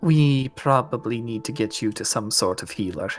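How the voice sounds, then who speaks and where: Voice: mid-range voice, expressive, normal speed, faint music behind. A player in a tabletop game, speaking casually and asking practical questions about the rules. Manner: practical, asks rule questions.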